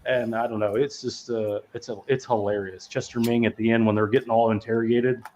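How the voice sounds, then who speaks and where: A man's voice: medium pitch, level tone, a little fast, a little mellow, slight background noise. A man hosting a podcast, chatting casually about movies, rambling and laughing as he swears freely. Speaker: podcast host. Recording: dull lo-fi sound.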